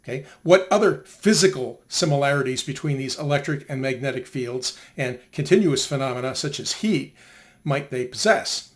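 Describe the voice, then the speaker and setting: A man's voice: medium pitch, animated, moderate pace. An older man giving a conversational history of science lecture, asking rhetorical questions as he goes.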